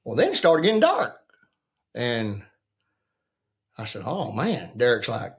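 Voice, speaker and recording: A man's voice: medium pitch, huge pitch swings, moderate pace, long pauses, a bit bright. A man in his sixties, a retired football coach, telling a story in a casual chat and acting out what other people said in a folksy way. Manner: folksy, acts out the quotes of others.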